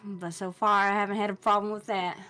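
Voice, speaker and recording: A woman's voice: medium pitch, little pitch movement, fairly quick, bright, forceful tone, soft background music, close to an everyday voice. A woman voicing a laid-back young female bartender from a game, with a put-on Southern US accent and a wry drawl.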